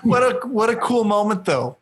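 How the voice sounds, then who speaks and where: A male podcast host with a high-pitched, husky voice chats casually and affirms his guest's stories with enthusiasm. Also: big pitch swings, normal speed. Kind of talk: casual interview chat.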